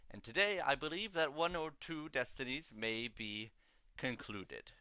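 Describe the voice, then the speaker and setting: A man voicing a calm, pompous older male headmaster who speaks in measured, formal tones. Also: mid-range voice, clear, resonant tone, highs cut off. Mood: stern. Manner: formal, measured speech-giving.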